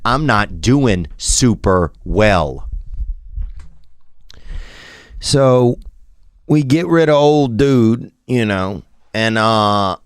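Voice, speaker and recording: A Southern man in his thirties drawls his way through a meandering, self-deprecating story, often trailing off mid-thought. His voice sits a little low. The sound is dry and close, with no room around it. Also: no room sound. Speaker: comedian telling a story. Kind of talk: rambling storytelling monologue.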